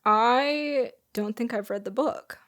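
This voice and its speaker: A woman's voice: fairly high pitch, takes it slowly, fairly bright tone. A young woman co-hosting a podcast in casual, playful chat, full of "like" and "um". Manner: playful, joking, lots of "like" and "um". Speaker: podcast co-host.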